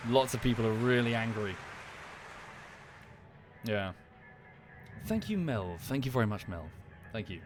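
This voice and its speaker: A man's voice: on the low side, expressive, measured pace, pauses often. A British man streaming a game, talking casually while he plays and rambling with lots of swearing and restarts. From United Kingdom. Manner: rambling, sweary, self-interrupting. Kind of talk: casual gameplay commentary and chat. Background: music.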